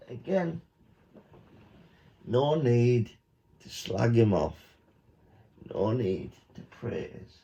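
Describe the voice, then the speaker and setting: Slow gravelly man, mock hypnosis. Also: mid-range voice, sing-song, dark tone. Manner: slow, repetitive, coaxing instructions. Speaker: YouTuber. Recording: dull lo-fi recording.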